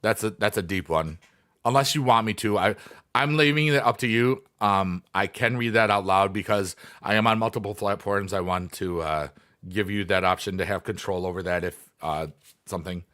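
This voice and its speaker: Brief: bright-toned male streamer, chatty, wandering, full of ums. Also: lowish voice, normal speed. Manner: rambling, many fillers, reads chat aloud. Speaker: livestreamer, former teacher. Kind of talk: casual livestream chat.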